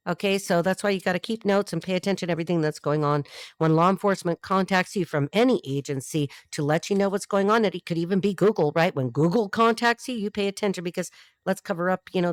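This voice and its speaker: A woman's voice: mid-range voice, no room sound, clean studio sound. A woman giving a casual tarot reading, blunt and profane, tossing off wisecracks and jumping from thought to thought. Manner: animated, jumps between thoughts. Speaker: tarot reader.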